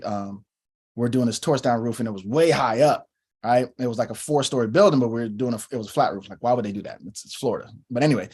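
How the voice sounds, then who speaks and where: A man in his thirties telling stories in a casual religious discussion, acting out quotes as he goes. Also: medium pitch. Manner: animated storyteller, acts out quotes. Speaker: co-host.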